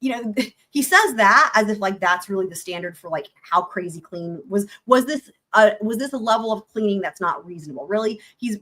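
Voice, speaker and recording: Woman host breaking down court stuff, chatty, animated, swears a bit. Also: mid-range voice. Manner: chatty, animated, explains points and swears casually. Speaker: livestream host. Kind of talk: casual legal commentary.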